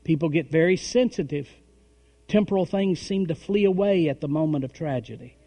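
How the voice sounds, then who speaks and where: A middle-aged man preaching a sermon, emphatic, with call-and-response and swings between loud and soft. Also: a little high, fairly quick. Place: church hall. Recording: long hall reverb.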